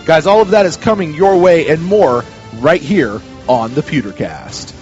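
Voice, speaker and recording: A man's voice: a little high, lively intonation, normal speed, muffled recording, over music. A man hosting a casual sports podcast, chatty and full of restarts. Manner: chatty, many restarts and fillers. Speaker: podcast host.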